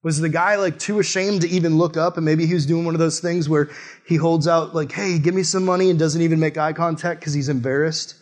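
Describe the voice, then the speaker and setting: Animated young man preaching. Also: a little fast. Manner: animated storytelling, often rising high and loud in quoted outbursts; casual, peppered with "like". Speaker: missionary preacher. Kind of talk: sermon with personal story.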